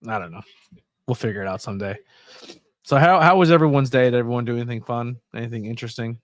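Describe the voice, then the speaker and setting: A man's voice: medium pitch, quick pace, no echo, studio quality. A man hosting a casual livestream, chatting loosely about wrestling and telling stories with a laugh, sleepy and yawning. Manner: chatty, laid-back, laughs at own stories. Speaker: livestream host. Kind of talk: casual chat watching wrestling.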